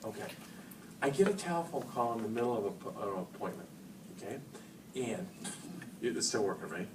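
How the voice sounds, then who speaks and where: A man's voice: lowish voice, fairly quick. Fifty-something guy doing a funny workshop talk for teachers, acts out the calls, far off mic, echoey room, hiss behind. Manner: animated, joking, acts out phone calls. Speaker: speaker at an education workshop. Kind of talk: lively storytelling talk to an audience. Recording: roomy hall, speaker far from mic, noisy.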